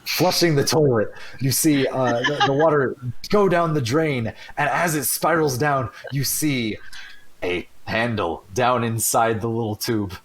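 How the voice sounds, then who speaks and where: A young man narrating a tabletop game as game master, halting with restarts and fillers. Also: medium pitch, rough recording.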